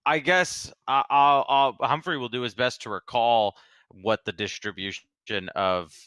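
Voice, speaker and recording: Guy playing tabletop, bright crisp voice, stammers a lot, dry sound. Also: mid-range voice, unhurried, dry recording. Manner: stammering, laughs easily. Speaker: player. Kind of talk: casual tabletop play.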